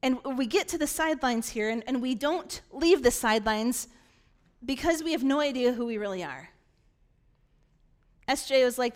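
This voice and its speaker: A woman pastor giving a sermon, animated and acting out voices of scripture figures. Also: sits high, moderate pace, pauses often. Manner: animated preaching that acts out dialogue.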